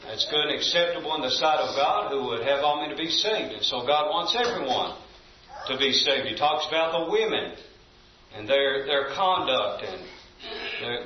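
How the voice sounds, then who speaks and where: A man's voice: mid-range voice, a little hiss or hum. Man teaching Bible class in echoey hall. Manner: quizzes the audience with questions; emphatic, reads scripture aloud. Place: church building. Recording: echoey room, distant mic, dull lo-fi.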